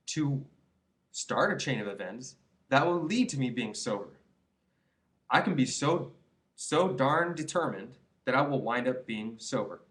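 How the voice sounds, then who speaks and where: A young man in his twenties talks straight to the camera in a casual vlog, giving advice. He rambles and preaches in earnest, often stops to restart his sentences and tags them with "you know?" His pitch sits in an ordinary middle range for a man. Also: fairly bright tone. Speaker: vlogger.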